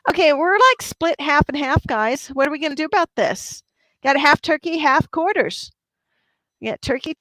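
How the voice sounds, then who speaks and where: Chatty higher-voiced woman livestream host. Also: normal speed, fairly bright tone, no echo. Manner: chatty, upbeat, talking to chat viewers. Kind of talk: casual livestream chat.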